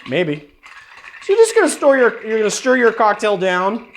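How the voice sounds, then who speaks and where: A man's voice: sits high, very animated, normal speed, fairly bright tone, slight background noise. A young man hosting a cocktail show, chatting in a rambling, playful way with many fillers. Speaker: bartender host. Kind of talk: casual cocktail-making show.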